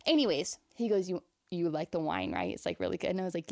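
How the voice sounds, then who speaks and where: A woman's voice: on the low side, creaky. Chatty woman podcast host telling a story. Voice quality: fast, chatty, packed with "like" fillers. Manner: animated, incredulous, laughs often. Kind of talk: casual storytelling chat.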